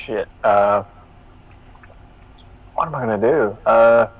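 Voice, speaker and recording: A man's voice: lowish voice, takes it slowly, husky, phone-quality sound. A man playing a tabletop game, talking casually in a rambling, hesitant, joking way. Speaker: player.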